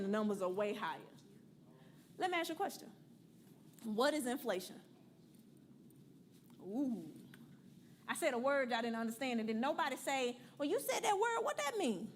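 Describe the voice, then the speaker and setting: A woman teaches a church money class in a blunt, playful, preachy manner, quizzing and coaching the room and calling out questions to it. Her voice is fairly high in pitch, with a little hiss or hum.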